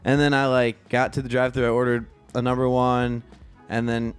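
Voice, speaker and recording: Rambling young man, smooth clear voice. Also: medium pitch, flat delivery, normal speed, no room sound, soft background music. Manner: rambling storyteller with many fillers and restarts. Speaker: band member co-hosting a live stream. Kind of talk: casual chat.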